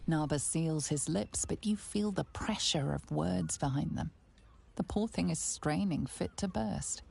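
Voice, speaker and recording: A woman narrating a video game in a hushed, wry storyteller's voice, raspy and gravelly. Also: low voice, measured pace, slight background noise, full character voice.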